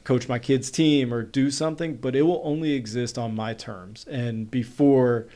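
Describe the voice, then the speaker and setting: Speaking as a guest on a podcast, a thirtysomething man from North Carolina recounts a story in relaxed conversation. He's rapid and animated, leans heavily on "like," and has a medium-pitched voice.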